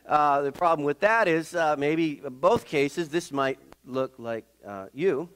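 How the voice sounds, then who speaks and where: A middle-aged male pastor preaching in a conversational, halting way, with many fillers and restarts. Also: fairly high pitch, a bit bright, clear, resonant tone. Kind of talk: sermon.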